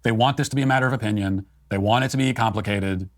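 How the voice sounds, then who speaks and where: A man's voice: lowish voice, quick pace, no room sound, clean studio sound. A man giving political commentary as a co-host, in an emphatic, argumentative way.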